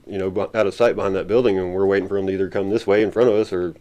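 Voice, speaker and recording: Male guest, lower voice, rambling casual story with a lot of chuckling. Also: fairly even intonation, rapid-fire, mellow. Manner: rambling, laughs often.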